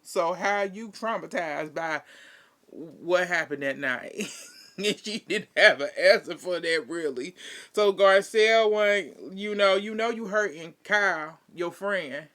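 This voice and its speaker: A man's voice: high-pitched, takes it slowly, a bit bright. A man giving a chatty, slangy recap in casual commentary, laughing often and adding sassy asides. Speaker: reality TV recap vlogger.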